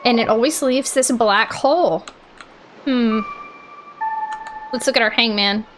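A woman hosting a let's play, thinking aloud in a chatty, unsure way and often yelling out in excitement. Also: a little high, a little slow, background noise. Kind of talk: gaming commentary. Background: game music.

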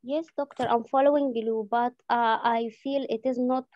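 A woman's voice: fairly high pitch, steady tone, moderate pace, no room sound, dull audio, close to an everyday voice. A woman playing a hesitant worried patient. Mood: concerned. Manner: hesitant, stumbling. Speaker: role-player as patient. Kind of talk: medical exam role-play.

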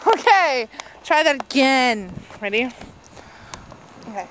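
Giggly, bossy, high-voiced young woman. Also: expressive, a little slow. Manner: giggly, bossy, swears a lot. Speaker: vlogger clowning for a camera. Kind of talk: casual goofing around. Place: outdoor bus stop by traffic. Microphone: handheld camcorder filmed by a friend. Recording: noisy street with passing cars.

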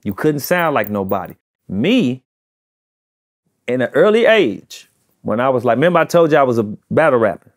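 A man's voice: mid-range voice, very animated, normal speed, long pauses. A man with a St. Louis accent, talking as a rapper guest in a casual interview, emphatic and repeating himself, with loose slang. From St. Louis, USA.

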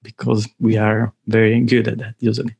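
A man with an Italian accent, from southern Italy, giving an informal online lecture with playful, animated storytelling. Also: lowish voice, normal speed, gravelly, slightly rough.

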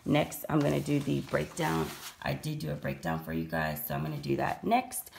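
A woman with a hoarse, raspy morning voice, chatting casually through her shopping receipt math in a vlog. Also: deep voice, very animated, normal speed, a little mellow, a little hiss or hum. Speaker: couponing vlogger. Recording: echoey room.

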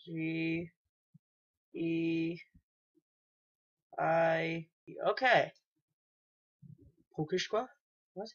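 A man's voice: on the high side, fairly even intonation, very slow, long pauses, a bit bright. A young man, maybe a teenager, doing casual let's play commentary, hesitant and rambling with lots of ums and restarts. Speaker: gaming YouTuber. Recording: dull lo-fi home mic.

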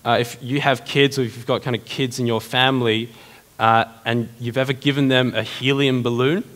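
A male pastor delivers a sermon with a middle-pitched voice and keeps it lively and conversational, tossing rhetorical questions at the congregation. His words ring out with a long reverb from the church hall around him. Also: normal speed.

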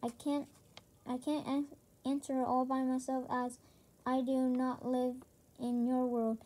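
A woman's voice: high-pitched, level tone, mellow. A woman reading as a wise old wizard. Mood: calm. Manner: slow, halting, with restarts. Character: wise old male wizard, calm and thoughtful. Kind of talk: reading a children's chapter book aloud.

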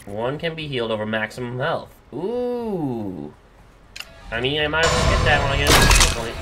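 A man casually commenting on a video game as he plays, excitable and swearing freely. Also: medium pitch, fast talker, over loud music. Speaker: gaming channel host. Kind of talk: let's play commentary.

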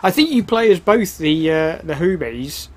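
A man's voice: a little high, animated, moderate pace. A man giving casual, wry commentary while starting a video game, with sarcastic asides. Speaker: let's play host.

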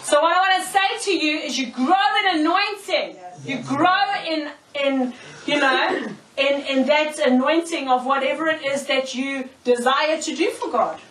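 A woman preacher giving a sermon, telling stories in an animated way, often laughing and checking in with "okay?". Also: high-pitched, measured pace, few pauses. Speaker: preacher, prophetess. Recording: echoey room, mic far off.

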